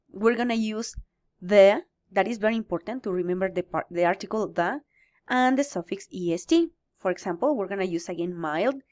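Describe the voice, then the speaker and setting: A woman's voice: mid-range voice, a little mellow, lo-fi sound. A woman teaching English grammar in a recorded lesson, explaining step by step and answering her own questions.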